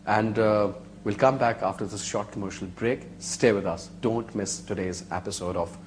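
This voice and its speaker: A man's voice: lowish voice, fairly even intonation, normal speed, background noise. A man who hosts a TV talk show, prompting his guest politely and chiming in with short, agreeing remarks. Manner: deferential, brief agreeing interjections. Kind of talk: interviewing a guest on TV.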